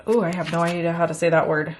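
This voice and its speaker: A middle-aged woman casually chatting through a crafting unboxing, excitable and gasping at pretty pieces. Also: on the low side, fast, a little hiss or hum. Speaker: crafting channel host.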